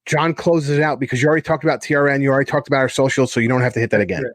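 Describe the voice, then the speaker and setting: A man co-hosting a casual podcast chat, talking in a brisk, blunt way and swearing casually. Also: mid-range voice, steady tone, no echo.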